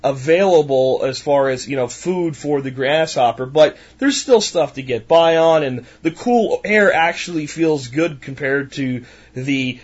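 A man's voice: on the high side, measured pace, husky, lo-fi sound. A man hosting a podcast who talks in a passionate, emphatic, ranting way. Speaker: podcast host. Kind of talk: monologue podcast.

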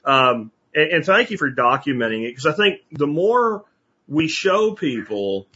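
A man hosting a podcast, chatting casually with rambling, animated asides. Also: on the high side, measured pace, slightly rough. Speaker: podcast host. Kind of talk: casual interview chat. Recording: dull lo-fi audio.

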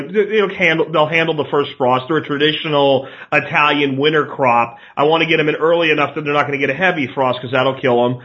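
A man's voice: a little high, a bit bright. A man chatting casually and eagerly, stumbling into restarts. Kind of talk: casual chat. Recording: dull lo-fi sound.

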